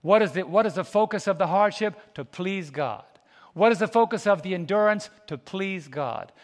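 A male pastor preaching a sermon, folksy and animated, calling out to the congregation and laughing between stories. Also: high voice, moderate pace, long reverb tail. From United States. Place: church sanctuary.

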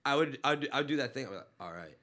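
Fast-talking man telling stories. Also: medium pitch, lively intonation, a crowd in the background. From Los Angeles. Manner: storytelling, acts out quoted voices, laughs often. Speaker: podcast host, comedian. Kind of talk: casual chat.

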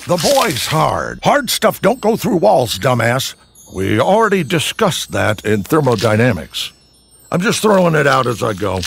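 A man in a cartoon dialogue clip, ranting gruffly and blustering. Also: mid-range voice, huge pitch swings, unhurried, a bit bright.

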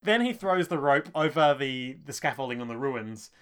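A man's voice: medium pitch, animated, moderate pace, smooth. A man co-hosting a casual podcast, recapping an anime episode, laughing often and acting out quotes. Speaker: podcast co-host.

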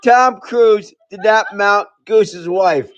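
A man's voice: high voice, slow. A laid-back man bantering in a comedy show, saying "dude" constantly and arguing playfully. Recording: dull dry lo-fi sound.

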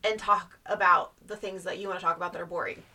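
A young adult woman co-hosting a podcast in casual, animated chat, leaning close to the mic and laughing often. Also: on the low side, fast talker, heavy background noise. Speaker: podcast co-host.

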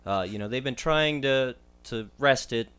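Man, young adult, medical contributor, casual podcast chat, measured explanations, filler words. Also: mid-range voice, a bit bright, clear, resonant tone. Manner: measured, explanatory, with frequent ums and uhs.

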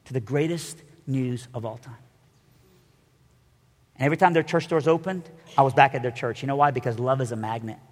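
Animated male preacher in a reverberant hall. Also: mid-range voice, fairly quick. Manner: storytelling, animated, acts out quoted voices. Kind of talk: sermon.

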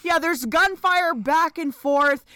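A woman co-hosting a casual podcast, recapping a musical with animated storytelling and frequent laughs. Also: sits high, takes it slowly, no echo, studio quality. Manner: animated, laughs often, acts out lines. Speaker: podcast co-host.

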